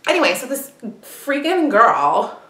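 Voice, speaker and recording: A woman's voice: high-pitched, very animated, unhurried, a bit bright, slight background noise, full character voice. A young woman improvising as a brash, gossipy party girl, chattering with constant fillers in an echoey room. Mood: heated. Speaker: actor auditioning. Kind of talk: improvised character monologue. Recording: roomy echo.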